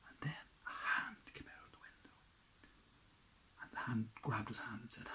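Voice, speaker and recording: A man telling a children's story in a hushed, dramatic way, often dropping to a whisper. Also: fairly low pitch, moderate pace, poor audio.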